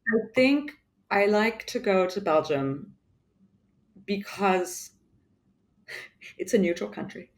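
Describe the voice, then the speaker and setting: A woman's voice: mid-range voice, lively intonation, takes it slowly, pauses often. A woman with a mixed English accent, a guest talking casually in an interview, rambling with many fillers and restarts. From United Kingdom. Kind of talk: casual conversation.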